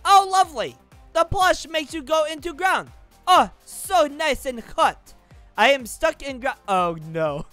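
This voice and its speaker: A woman with a high, very lively voice gives silly, exclamatory gameplay commentary. Her pitch jumps all over as she talks, with faint game music behind her. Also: slow pace. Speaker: gaming YouTuber.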